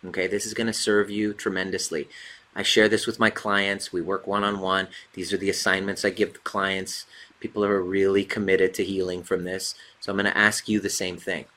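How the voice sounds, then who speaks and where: Male relationship coach with a lowish voice, talking casually and hammering his points home. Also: level tone, normal speed, bright, forceful tone. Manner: emphatic, repeats key points. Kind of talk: casual motivational talk.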